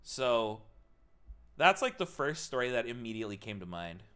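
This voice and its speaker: A young man streaming live, telling a personal story to his chat in a casual, animated way, laughing often and swearing freely. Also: medium pitch, moderate pace, smooth.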